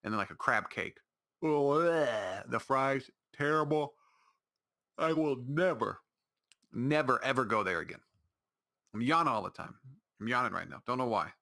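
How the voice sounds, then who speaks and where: A man's voice: medium pitch, expressive, normal speed, gravelly, long pauses, sharp tone. A man hosting his own podcast, talking alone in a rambling, exasperated way with lots of restarts. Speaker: podcast host. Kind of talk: solo casual podcast monologue.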